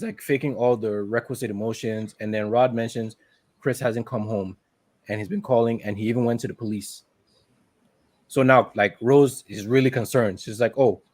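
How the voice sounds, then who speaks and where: Man, podcast co-host, casual movie recap, mid-pitched voice, chuckles a lot. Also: no echo. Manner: animated retelling, laughs often, quoting characters.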